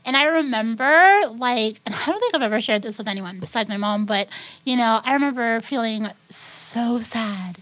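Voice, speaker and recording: Brief: woman guest, lively storyteller, a bit high-pitched, earnest about her faith, podcast interview. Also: moderate pace, low-quality recording. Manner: animated, acts out the people in her story. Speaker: guest singer. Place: recording studio.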